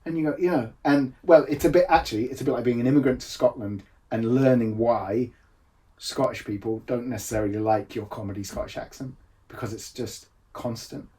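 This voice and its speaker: A man's voice: mid-range voice, brisk, mellow, far from the mic. A man from England, a games designer, chatting casually on a podcast, laughing often and restarting his sentences. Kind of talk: casual conversation. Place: home room, seen on camera.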